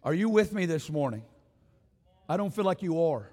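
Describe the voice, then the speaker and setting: A man's voice: on the high side, very animated, normal speed, a little mellow, long reverb tail. A man preaching a sermon to a congregation in a church, building passionate, repetitive rhetorical runs and calling on the room to respond. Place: church sanctuary.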